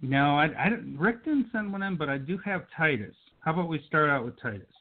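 An upbeat man hosting a call-in radio show, his voice sitting a little high for a man. He talks in an enthusiastic, friendly way. The sound comes through a thin, tinny phone line. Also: lively intonation, a little fast. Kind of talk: casual call-in radio chat.

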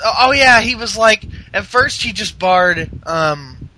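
A podcast host chatting casually, rambling with many fillers and some swearing. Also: male voice, high-pitched, takes it slowly, sharp tone, poor audio. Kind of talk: casual chat recapping wrestling.

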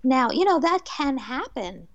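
High-voiced woman telling lively stories. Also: measured pace, dry recording, muffled recording. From New Jersey, USA. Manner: lively storyteller who laughs often. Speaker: medium and author, guest. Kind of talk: radio interview, telling personal stories.

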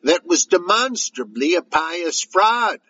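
A man reading a listener's letter in a put-on joking Canadian accent, adding "eh" to his sentences, with a husky voice. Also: high voice, sing-song, slow pace, sharp tone, muffled recording, pitched above the performer's own voice, heavily acted. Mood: jokey. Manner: tacks on "eh" to sentences.

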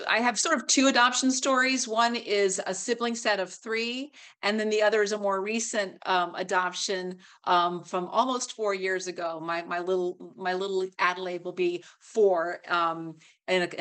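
A woman's voice: medium pitch, steady tone, normal speed, few pauses, fairly bright tone. A middle-aged woman, a guest actress, telling her story in an earnest, heartfelt way during a casual interview.

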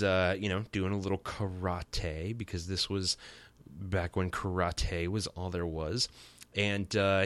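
A man's voice: low-pitched, fairly bright tone, no echo. A man in his thirties hosting a podcast alone, recapping a cartoon episode in a casual, joking, rambling way full of fillers. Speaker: podcast host.

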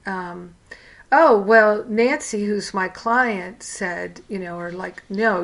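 Slow, candid woman teaching a class. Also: medium pitch, fairly bright tone. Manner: candid, storytelling, frank. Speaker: spiritual counseling teacher. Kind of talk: casual class lecture.

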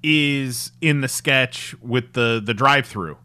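A man's voice: medium pitch, takes it slowly, pushed and bright. A man co-hosting a podcast in casual chat, rambling a little as he searches for details. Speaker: podcast co-host.

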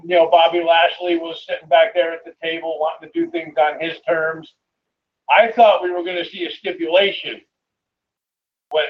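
A man's voice: on the high side, dull audio, slight background noise. Hesitant male wrestling podcast co-host. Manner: hesitant, filler-heavy. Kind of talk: casual wrestling review chat.

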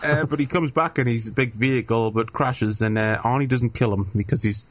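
A man's voice: mid-range voice, fairly quick, a bit bright. A man co-hosting a podcast, recapping a film plot in casual, sweary, jokey chat. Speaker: podcast co-host.

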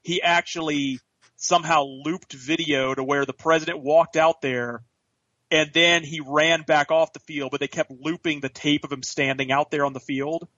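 Animated swearing man retelling scenes. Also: on the high side, moderate pace, no room sound, muffled recording. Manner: animated storyteller, swears, acts out quotes. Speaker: podcast co-host. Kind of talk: casual chat.

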